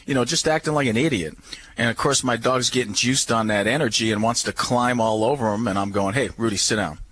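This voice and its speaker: A man's voice: medium pitch, a little fast, a little hiss or hum. A man, a dog trainer, telling stories in casual chat and animatedly acting out what people said. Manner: animated, acts out quotes.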